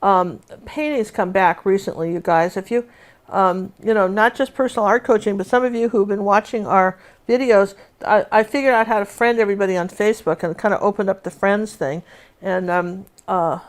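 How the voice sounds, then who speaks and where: A woman of medium pitch speaking at normal speed teaches painting live. As she works, she chats away, telling meandering stories packed with asides.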